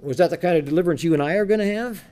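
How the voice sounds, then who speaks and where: A man preaching a sermon, reading scripture slowly and emphatically and firing off rhetorical questions, moving between loud reading and quiet asides. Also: sits high. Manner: reads scripture in slow, emphatic tones.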